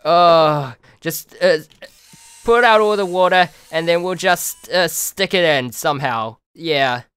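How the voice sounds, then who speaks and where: A man's voice: a little high, takes it slowly, a bit bright, clean tone, no echo. A man hosting a let's play, commenting on a game in an exasperated way and pleading with the objects on screen. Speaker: gaming video host.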